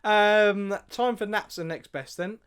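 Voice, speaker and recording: A man's voice: sits high, slow, a bit bright, smooth. A man co-hosting a racing tips show, talking casually with frequent ums and restarts. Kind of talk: casual chat.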